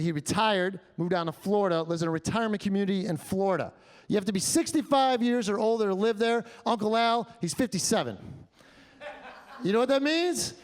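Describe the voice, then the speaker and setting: Casting: high-pitched man doing stand-up, animated storyteller, handheld mic on a club stage. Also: a little hiss or hum. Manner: animated storytelling with voiced act-outs. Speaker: stand-up comedian. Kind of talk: stand-up comedy set.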